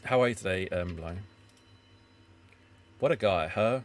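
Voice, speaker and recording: A man's voice: low voice, measured pace, pitched below the performer's own voice. A man playing a drunk, scheming writer. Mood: musing. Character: drunk bitter struggling male writer, scheming.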